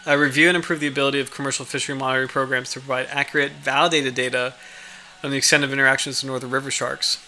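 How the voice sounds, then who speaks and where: A man's voice: medium pitch, little pitch movement, very fast, bright, forceful tone, a little hiss or hum. A man hosting a casual livestream, reading out a study and chatting with viewers, with many fillers and restarts. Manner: rambling, reads out study, chats with viewers. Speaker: livestream host.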